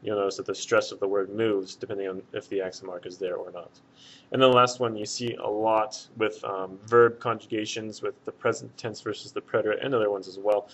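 A man teaching a Spanish lesson in a relaxed way, with many filler words. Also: fairly low pitch, fairly quick. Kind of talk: casual video lesson. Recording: dull lo-fi sound.

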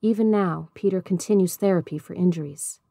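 A woman voicing a patient woman circle keeper in a storybook reading, measured and gentle. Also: lowish voice, gravelly, no room sound, studio quality. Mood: calm.

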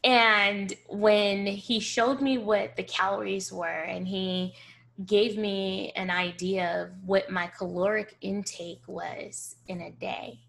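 A woman hosting a personal storytelling vlog, animated and acting out the dialogue as she tells it. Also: mid-range voice, gravelly. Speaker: host.

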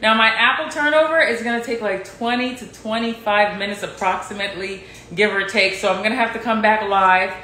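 A woman's voice: mid-range voice, steady tone, brisk, few pauses, bright, forceful tone, slight background noise. Giggly woman live-streaming from an echoey kitchen. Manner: laughs often, playful, talks to viewers. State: sore neck. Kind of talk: casual live stream chat. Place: home kitchen. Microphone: phone.

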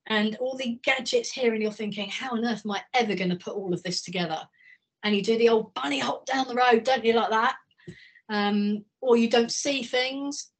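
A woman's voice: fairly high pitch, slightly rough. A middle-aged woman giving a conversational communication training talk, telling anecdotes. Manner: conversational, anecdotal, speeds up and slows down. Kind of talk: training talk on a video call. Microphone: video call.

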